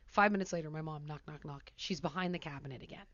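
A woman talk show host telling a story in a casual, animated way, acting out scenes as she goes. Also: low-pitched, fast, no echo, lo-fi sound. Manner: animated, laughs mid-sentence, acts out scenes.

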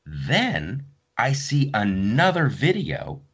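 Speaking slowly at a medium pitch with a husky texture, a male podcast host chats casually and tells stories. He performs the characters and their words in an animated way.

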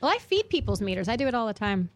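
A woman's voice: on the high side, fast talker, no room sound. A woman in her thirties, a guest in casual chat, telling stories animatedly with many restarts. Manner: animated storytelling, frequent restarts.

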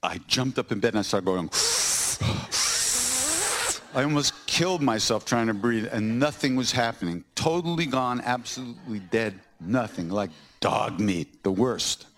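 A man's voice: medium pitch, moderate pace, hardly any pauses. A man hosting a podcast, recounting personal stories and acting out the scenes with laughter. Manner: animated, acts out scenes with laughter. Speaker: podcast host.

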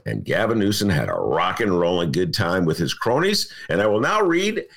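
A man's voice: sits low, wildly swooping pitch, normal speed, a bit bright. A man hosting a talk radio show, delivering an opinionated monologue with sarcasm and frequent laughter.

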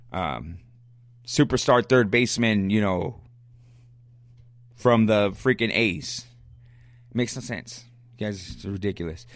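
A man's voice: on the low side, no echo. A man hosting a solo sports podcast, ranting bluntly and arguing back at listeners' questions, coughing now and then. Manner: fired-up, blunt, argumentative, repeats himself. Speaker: podcast host.

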